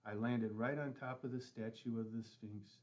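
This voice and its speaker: A man's voice: mid-range voice, steady tone, moderate pace, darkish tone, highs cut off. A man reading a children's chapter book aloud, giving the characters light voices. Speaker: school board president reading aloud.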